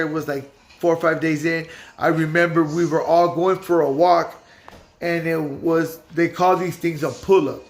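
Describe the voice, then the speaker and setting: Loud young man, gravelly street slang. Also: fairly high pitch. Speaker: vlogger telling his story. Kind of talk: casual storytelling.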